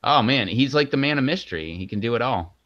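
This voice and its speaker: A man's voice: medium pitch, expressive, fast, a bit bright, no echo. A man co-hosting a casual live stream, rambling and joking as he hypes up his co-host. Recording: dull lo-fi sound.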